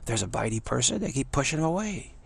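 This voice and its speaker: Male spiritual teacher, heavy vocal fry, lowish voice; rambling, repetitive talk with a faint hiss underneath. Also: sing-song, fast. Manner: repetitive, stammering restarts; mocking high voices for quoted people.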